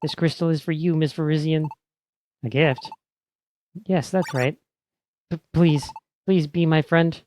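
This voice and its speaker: A man's voice: medium pitch, flat delivery, fast talker, dark tone, a little hiss or hum, natural voice. A man voicing a shy, timid male creature who stammers, reading game dialogue aloud. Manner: stammering, hesitant.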